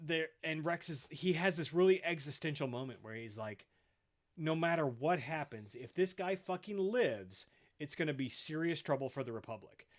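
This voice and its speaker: A man's voice: a little high, expressive, moderate pace. A man hosting a podcast, retelling episodes casually with lots of swearing and quoted voices. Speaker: podcast host. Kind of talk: casual chat.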